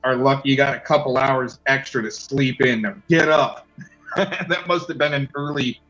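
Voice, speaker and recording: A man's voice: medium pitch, steady tone, moderate pace, fairly bright tone. A man in casual chat who rambles and keeps exclaiming. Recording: muffled lo-fi with faint music.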